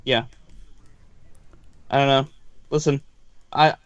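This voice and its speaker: A man's voice: mid-range voice, steady tone, slow pace, smooth, no echo, highs cut off. A man in casual chat on an art stream, rambling frankly and swearing freely.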